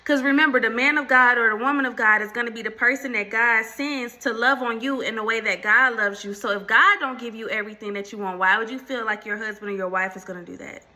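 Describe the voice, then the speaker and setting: A woman talks straight to her viewers in a casual faith chat, with a piercing, very bright tone set a little high. She calls them y'all and slips into preachy asides. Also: steady tone, fast, hardly any pauses. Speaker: faith and relationship channel host. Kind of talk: casual faith talk to camera.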